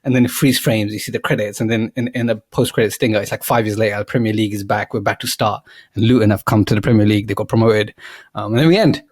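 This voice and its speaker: Rambling podcast storyteller. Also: male voice, fairly low pitch, fairly even intonation, fast, a little mellow, breathy edge, dry recording. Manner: rambling storyteller, acts out characters' lines. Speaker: podcast co-host pitching a film idea. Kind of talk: casual podcast chat.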